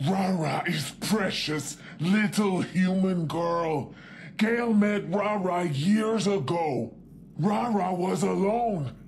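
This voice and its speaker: A woman's voice: lowish voice, takes it slowly, a little mellow, slight background noise. A woman voicing a big, short-tempered female super mutant in a video game, talking in broken, simple sentences and calling herself by name. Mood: tender.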